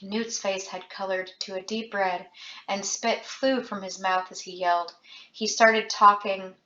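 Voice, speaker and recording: A woman reads a novel aloud with a dramatic, expressive touch, her voice bright and forward. The room around her is echoey and the sound is a bit dull, like a lo-fi home recording. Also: medium pitch, unhurried. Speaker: audiobook reader.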